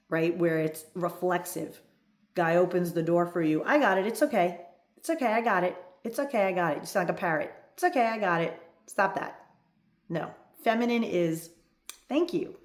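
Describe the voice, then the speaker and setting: A woman in her fifties, working as a love coach, delivers a direct, emphatic coaching monologue, often checking in with "right?". Her voice is on the low side and a little mellow, recorded in an echoey room.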